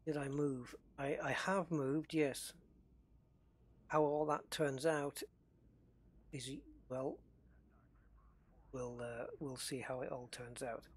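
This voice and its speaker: A man's voice: medium pitch, fairly even intonation, slow, pauses often, slightly rough. A man chatting casually while streaming a space game, greeting viewers by name and thinking aloud. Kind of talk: casual live-stream chat.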